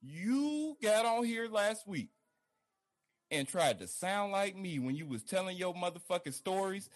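A man's voice: high voice, big pitch swings, unhurried. A man co-hosting a podcast, teasing and profane in casual banter. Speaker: podcast co-host.

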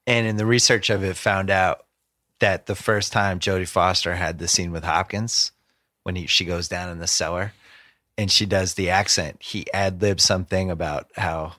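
Chatty male podcast host, bright edge, dry booth sound. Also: low-pitched, fairly even intonation, dry recording. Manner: chatty, quick anecdotes, casual slang. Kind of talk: casual interview chat.

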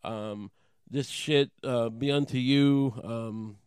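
A man's voice: mid-range voice, fairly even intonation, slow, a little mellow, smooth, no room sound, clean studio sound, lightly acted. A man putting on a pleading, groveling male wrestler in a crude comedy bit. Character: groveling panicked male wrestling executive's son.

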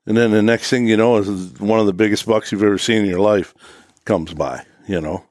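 A man's voice: on the low side, a little fast, a little mellow, no echo, studio quality. A man recounting a hunting trip in a rambling casual way, filling gaps with "you know". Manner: rambling, lots of "you know", laughs at himself. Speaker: podcast co-host. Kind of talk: casual chat.

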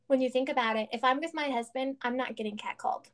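A woman's voice: sits high, fast. A woman in her thirties, co-hosting a casual chat and telling stories earnestly, with lots of fillers. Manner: earnest, animated storytelling with many fillers.

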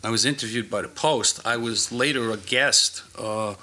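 Telling stories in casual conversation, a former cop speaks at medium pitch and a moderate pace, his tone bright and forceful. He's a guest, and his anecdotes are blunt and full of profanity.

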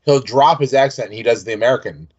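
A man co-hosting a podcast, talking in a rambling, easygoing way. His voice is mid-pitched and ordinary. The recording sounds a little dull. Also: fast talker, a little mellow, slightly rough. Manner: rambling, chatty, trails off and restarts. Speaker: podcast co-host. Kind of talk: casual chat recapping a TV show.

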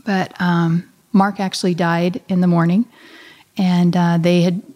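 A middle-aged woman, a guest on an interview show, telling an emotional personal story in a halting, heartfelt way with many pauses and restarts. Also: on the low side, little pitch movement, a little mellow. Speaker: guest, a bereaved mother.

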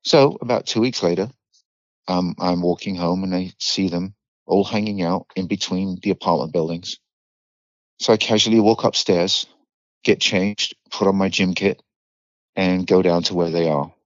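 Speaking in a deep voice at a moderate pace, this middle-aged British podcast guest recounts a story with blunt, vivid candor and plenty of swearing. The audio is dry and a little dull, with no room sound.

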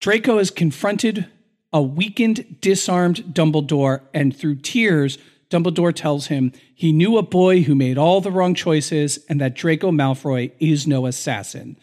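A man's voice: fairly high pitch, measured pace, darkish tone. A man co-hosting a podcast, recapping a film in an earnest, emotional storytelling way. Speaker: podcast co-host.

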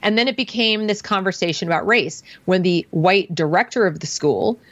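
A woman's voice: on the low side, normal speed, no echo. A woman in her forties tells a story conversationally and animatedly, acting out the dialogue of the people in it. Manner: animated, acts out quoted dialogue. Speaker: parent interviewee. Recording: dull, slightly muffled dry sound.

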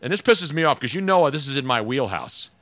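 A man hosting a radio show, bantering in a loud, teasing way. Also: medium pitch, very animated, brisk, no echo. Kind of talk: casual on-air banter.

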